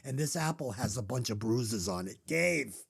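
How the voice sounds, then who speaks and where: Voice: mid-range voice, fairly quick, slightly rough. A podcast co-host in casual chat, swearing freely and sarcastic about the music. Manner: profane, animated, sarcastic. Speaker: podcast co-host reviewing albums.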